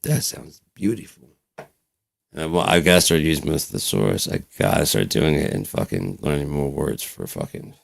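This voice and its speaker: Very deep, gravelly-voiced man rambling. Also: animated, a little fast, hardly any pauses. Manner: profane, rambling, frequent restarts. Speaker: vlogger. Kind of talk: casual rambling storytelling.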